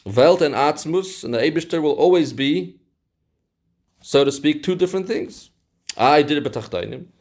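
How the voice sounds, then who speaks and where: A fairly high-voiced man, teaching a text lesson in a sing-song study cadence. He reads a Hebrew passage, then unpacks it, circling back over the key terms to drive the point home. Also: animated, moderate pace, a little mellow. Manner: reads Hebrew passages aloud, then explains them in Yeshivish English. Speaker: Torah teacher. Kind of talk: Talmudic-style text lesson.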